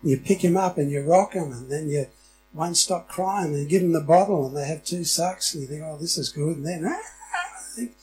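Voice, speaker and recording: A middle-aged man preaches in a loose, chatty way, often turning questions back to the people in front of him. His voice sits a touch high for a man. Soft music plays faintly underneath. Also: normal speed, rough recording. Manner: conversational, asks the congregation questions. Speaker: pastor. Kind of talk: sermon.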